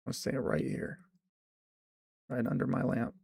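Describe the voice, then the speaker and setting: A man voicing his volleyball companion as a lazy, indifferent male friend who mumbles low and dismissively. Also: little pitch movement, measured pace, vocal fry, darkish tone, husky, dry recording, studio quality, heavily acted.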